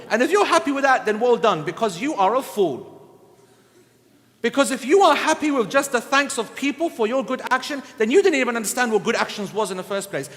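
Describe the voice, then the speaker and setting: Male lecturer; high-pitched, blunt, teasing scolding tone, echoing hall. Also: a bit bright. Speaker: Islamic lecturer. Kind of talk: sermon lecture.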